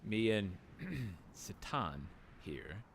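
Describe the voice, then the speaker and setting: A man voicing a serious older male guardian who speaks in a low, measured, solemn way. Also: big pitch swings, creaky, a little hiss or hum, full character voice. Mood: grave. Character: steady older male swordsman guardian, grave.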